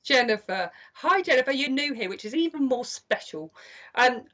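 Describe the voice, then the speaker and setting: An older woman giving chatty, gentle psychic card readings on a live stream. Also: high voice, animated, normal speed. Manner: chatty and gentle, calls people "my lovely". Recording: slightly dull lo-fi stream audio.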